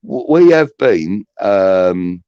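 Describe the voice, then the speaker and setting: A man's voice: on the low side, expressive, extremely slow, mellow, clean tone, no room sound. A middle-aged man, hosting a podcast and rambling through chatty, swear-laden anecdotes. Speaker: podcast host. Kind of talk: casual storytelling. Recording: dull, muffled audio.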